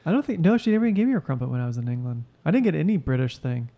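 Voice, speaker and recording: A man trading quick banter with friends on a casual show. His delivery is rapid and his tone sits dark and mellow, teasing with playful, mock-indignant protests. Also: a little high, sing-song. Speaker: podcast co-host. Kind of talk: casual chat.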